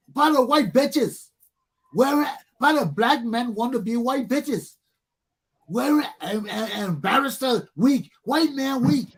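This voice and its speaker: A man from Liberia rants on his talk show, firing off angry rhetorical questions and cursing as he circles back to the same points. His husky voice swings from low muttering to shouted bursts. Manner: angry, profane, repeating himself, rhetorical questions. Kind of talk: heated talk show rant.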